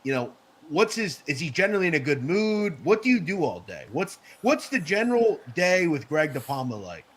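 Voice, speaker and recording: A man's voice: fairly high pitch, very animated, moderate pace, hardly any pauses, fairly bright tone, breathy edge. A man hosting a podcast interview, asking eager, conversational questions. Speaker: podcast host.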